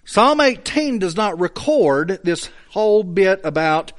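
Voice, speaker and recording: Slow-talking preacher guy teaching scripture, really lively swings in his voice, leans hard on words. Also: high-pitched. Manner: slow, emphatic Bible teaching with rising bursts of emphasis; reads scripture aloud with drawn-out stress. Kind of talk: sermon.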